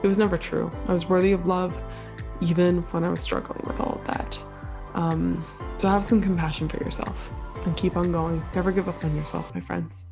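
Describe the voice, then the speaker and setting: A woman runs her own podcast in a solo monologue set over music, her lowish voice creaky, flat, and brisk. Sick and a bit winded, she still sounds casual and upbeat toward listeners, with plenty of fillers.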